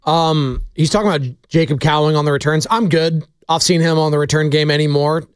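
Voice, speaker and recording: A man co-hosting a sports talk show, giving measured analysis and introducing audio clips. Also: fairly high pitch, fairly even intonation, clean tone, no echo, clean studio sound. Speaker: sports radio co-host.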